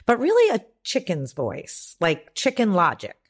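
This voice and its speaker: A woman's voice: mid-range voice, huge pitch swings, a little slow, breathy edge. A woman life coach on a podcast, talking emphatically and profanely, acting out the voices in people's heads. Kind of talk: podcast conversation.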